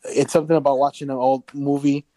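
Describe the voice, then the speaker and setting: Dark-voiced rambling man on a podcast. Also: mid-range voice, flat delivery, fast talker, no echo. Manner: rambling with many restarts, swears casually. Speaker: podcast co-host. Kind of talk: casual podcast chat.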